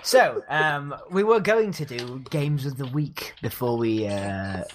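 A podcast host chatting with his friends in a loose, jokey way, his pitch jumping all over the place. He is crude and playful, and he teases his listeners. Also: animated, slow pace, crowd noise. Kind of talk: casual podcast chat.

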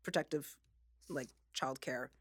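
A woman's voice: extremely low pitch, a little slow, breathy edge, dry recording. A woman hosting a radio show who gives blunt, dry opinions in casual chat.

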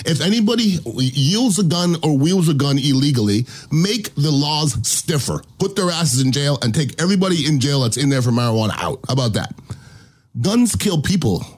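Man, podcast host, husky voice, blunt ranting monologue, swears freely. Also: medium pitch, darkish tone.

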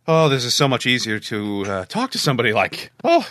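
A man's voice: medium pitch, huge pitch swings, fairly quick, fairly bright tone, no echo, clean studio sound. A man putting on a weary clawed female creature. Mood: relieved.

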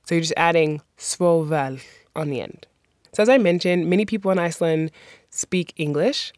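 A woman teaching common phrases in a patient, encouraging way, slowing down and repeating each one to model how it sounds. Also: lowish voice, a little mellow, dry recording, clean studio sound. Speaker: language teacher. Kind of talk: phrase lesson with slow repetition.

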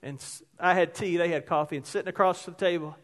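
A man's voice: high-pitched, fairly even intonation, fast. A male pastor preaching a sermon in a conversational, emphatic way, weaving in personal stories.

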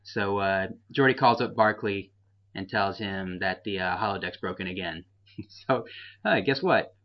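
A man's voice: deep voice, normal speed. A man co-hosting a podcast in casual chat, recapping with a dry, wry humor. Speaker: podcast co-host. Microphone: remote call. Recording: slightly muffled remote call.

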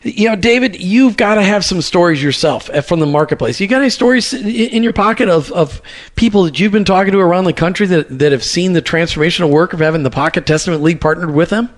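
A male radio host from New Jersey who talks fast and with eager enthusiasm. His voice sits high for a man. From New Jersey, USA. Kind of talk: radio interview.

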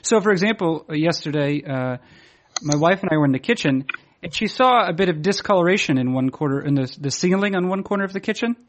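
A man talks in a loose, rambling way, full of ums, false starts and little laughs at his own expense. His voice sits a touch higher than most men's. It is an unhurried podcast conversation. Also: expressive, slight background noise. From Boston area, USA. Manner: rambling, hesitant, many fillers and restarts; self-deprecating, laughs while telling stories. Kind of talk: casual chat.

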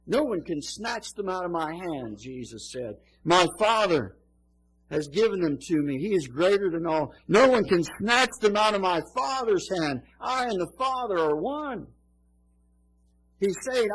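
A male preacher with a fairly high voice that has a gravelly, husky edge. He delivers his sermon earnestly, leaning hard on the key words. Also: lively intonation, moderate pace, low-quality recording. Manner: earnest, emphatic preaching with scripture quotes. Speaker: pastor.

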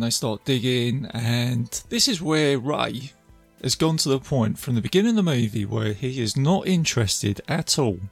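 A film reviewer with a gravelly, medium-pitched voice casually recaps a film's scenes. He's chatty and laughs as he goes along.

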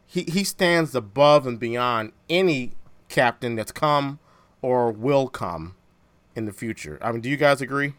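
A man hosting a casual podcast chat, animated and quick to laugh, often restarting his phrases. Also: mid-range voice, no echo. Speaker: podcast host.

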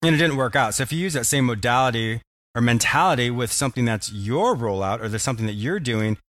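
A man's voice: mid-range voice, animated, quick pace, a bit bright. A man hosting an interview show, asking long, rambling, thoughtful questions and laughing easily. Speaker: podcast host. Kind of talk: casual interview chat.

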